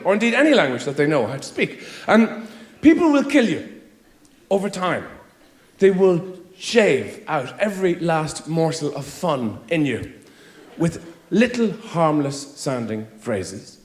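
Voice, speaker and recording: A man from Ireland doing a stand-up comedy set, rambling, muttering into asides and then bursting into loud mocking quotes, recorded live in a roomy venue. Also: a little high.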